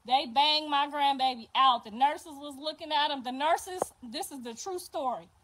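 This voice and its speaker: An older woman with a high-pitched voice spins a story for her livestream viewers. She is animated and profane, repeating points for emphasis. Her talk is loose and casual. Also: normal speed, a little hiss or hum. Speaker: livestream host.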